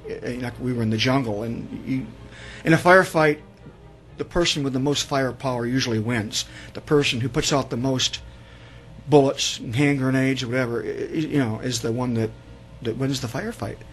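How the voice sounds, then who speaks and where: A man's voice: medium pitch, a little fast, poor audio. A man in his sixties, a veteran guest on a radio interview, telling his stories in a rambling way and often repeating words. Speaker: guest, Vietnam veteran author. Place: radio studio.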